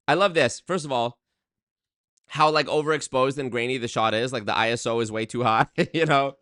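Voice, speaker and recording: A man's voice: medium pitch, a little fast, pushed and bright, smooth, no echo, studio quality. A man hosting a comedy commentary, sarcastic and mocking as he picks apart a video. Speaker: host.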